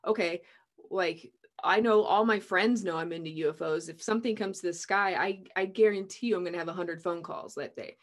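A woman's voice: fairly low pitch, a little fast. A woman hosting a casual talk, chatty, with lots of filler words. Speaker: host. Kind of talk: casual conversation.

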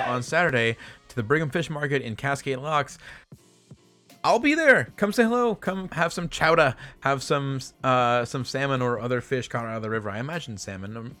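A man hosting a casual podcast, chatty and quick to laugh, often stumbling and repeating words. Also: mid-range voice, a bit bright. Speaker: podcast host. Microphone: headset or desk mic over voice chat.

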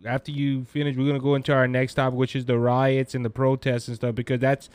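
Flat, smooth-voiced male host. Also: mid-range voice, fast talker, no echo. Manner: short affirmations, steers the talk. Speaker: podcast host. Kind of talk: casual chat.

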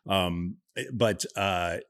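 Dry-humored middle-aged man, low voice. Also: fairly even intonation, extremely slow, a bit bright. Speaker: podcast co-host. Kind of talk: casual chat.

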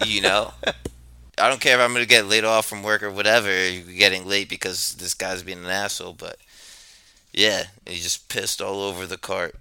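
A man, low-pitched and very bright, rambling through a story with plenty of swearing. His voice is close and dry, with no room sound. The delivery is laid-back and chatty. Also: fairly even intonation, a little fast, clean tone, no room sound. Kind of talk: casual storytelling. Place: New York.

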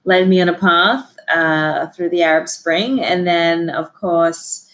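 Low-voiced Australian woman, chatty guest. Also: slow pace. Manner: relaxed and chatty, laughs easily. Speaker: guest journalist. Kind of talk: casual interview chat.

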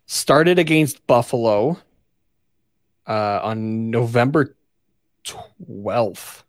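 A man's voice: medium pitch, lively intonation, drawn-out words, no echo. Young male co-host, laid-back, mid voice, reads numbers with fillers, dry recording. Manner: easygoing, reads stats aloud with fillers. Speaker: sports podcast co-host. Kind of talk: casual chat.

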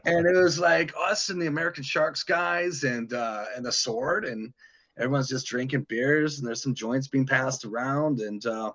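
A man's voice: medium pitch, fairly even intonation, normal speed, a bit bright. A middle-aged man from Detroit, a touring guitarist telling stories in a casual interview, rambling with lots of restarts and the odd swear. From Detroit, Michigan. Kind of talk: casual storytelling chat.

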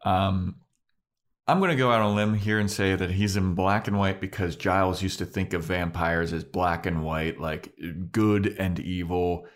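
A man co-hosting a podcast, casually recapping a TV episode in a rambling, filler-heavy way and slipping into quick character voices. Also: deep voice, steady tone. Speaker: podcast co-host.

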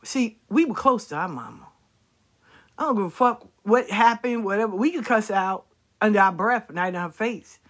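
A woman's voice: medium pitch, moderate pace, a bit bright. A woman speaking casually to her viewers, blunt and profane, repeating her points for emphasis. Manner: emphatic repetition.

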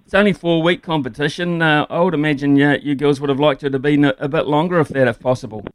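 A man's voice: fairly high pitch, fairly even intonation, quick pace, slight background noise. New Zealand man hosting sports radio. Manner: opinionated, with many "uh" fillers. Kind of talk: sports radio commentary and interview.

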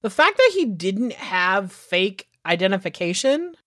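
A woman's voice: mid-range voice, big pitch swings, measured pace, a bit bright, dry recording, clean studio sound. A woman co-hosting a podcast, chatting bluntly and casually with some swearing. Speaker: podcast co-host. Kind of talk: casual chat.

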